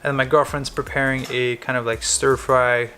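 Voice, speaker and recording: A young man talks to his camera in a relaxed, chatty vlog, narrating his indoor bike session and later his kitchen. His voice is bright and forward, a little short of breath at times, with a faint background hum. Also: medium pitch, normal speed. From Quebec. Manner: chatty, talks while cycling on indoor trainer. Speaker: vlogger. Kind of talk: casual vlog. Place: indoor cycling studio, then car and kitchen.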